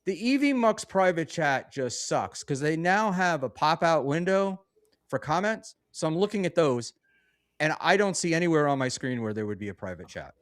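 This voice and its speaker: A man's voice: a little high, lively intonation, moderate pace, dry recording, clean studio sound. A man hosting a live-streamed talk show, chatting casually, reading out donations and calling himself a control freak. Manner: bossy, reads out donations. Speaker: podcast host.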